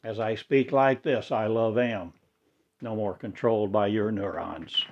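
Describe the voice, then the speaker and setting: A man delivering a rambling spiritual monologue in halting, oddly inverted phrasing. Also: fairly low pitch, steady tone, lo-fi sound, slight background noise.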